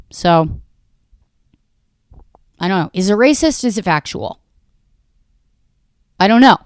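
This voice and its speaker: A woman comic hosting her own podcast, talking in a low-set voice. She rambles in a profane, self-deprecating, wry way. Her voice comes through smooth and close on the mic, with a dry, dead sound. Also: no room sound. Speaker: comedian podcast host. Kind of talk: rambling comedic monologue.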